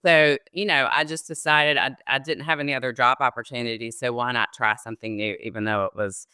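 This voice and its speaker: A loan officer from the Southern United States, this middle-aged woman speaks fairly quickly in a rumbling low, steady, sharp and clean voice. The studio-quality recording has no room sound as she tells her career story in a conversational interview, chatty, quick to laugh, and heavy on the ums.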